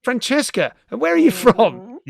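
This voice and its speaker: Animated, giggly British male podcast host. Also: extremely high pitch, normal speed, creaky, crowd noise. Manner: chatty, giggly, swearing, greets viewers. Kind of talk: live-streamed comedy chat.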